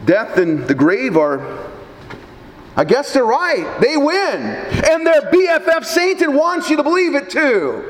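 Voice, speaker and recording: A male pastor giving a funeral sermon, dramatic, swinging between loud emphatic highs and low quiet drops, firing rhetorical questions at the mourners. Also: big pitch swings, a little slow. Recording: long hall reverb, faint background noise.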